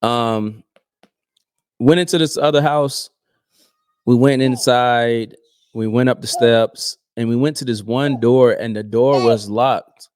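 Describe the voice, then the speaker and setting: A man co-hosting a podcast, telling a story in a loose, chatty way and breaking into lively acted-out dialogue. His voice sits in the middle of the pitch range. The sound is dry and close. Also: takes it slowly, clear, resonant tone, no room sound. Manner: animated, acts out voices in quoted dialogue. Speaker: podcast co-host. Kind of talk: casual storytelling.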